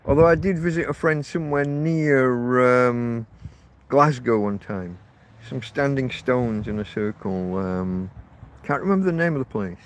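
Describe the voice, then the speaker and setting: A man's voice: medium pitch, measured pace. A man rambling casually to his viewers, recorded outdoors in a windy field on a phone. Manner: rambling, self-correcting, chatty. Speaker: vlogger living rough in a field camp. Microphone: phone held in portrait mode. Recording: wind and faint outdoor noise on a phone.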